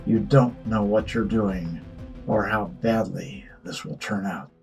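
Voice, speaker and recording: A man voicing a calm, mysterious god in disguise who speaks quietly and without concern. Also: fairly low pitch, slow, breathy edge, soft background music, exaggerated voice.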